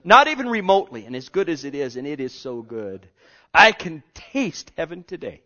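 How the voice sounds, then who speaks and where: Guy preaching hard, kinda high voice, goes loud then real quiet, muffled lo-fi sound. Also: big pitch swings, quick pace. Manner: impassioned, swinging between loud pleading and hushed near-whispers. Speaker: pastor. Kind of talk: sermon. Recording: lo-fi dull sound.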